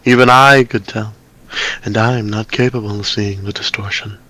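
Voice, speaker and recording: A man voicing a calm, smug, scheming man in an amateur story reading, speaking in a measured, half-whispered way. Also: on the low side, rough recording. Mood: explaining.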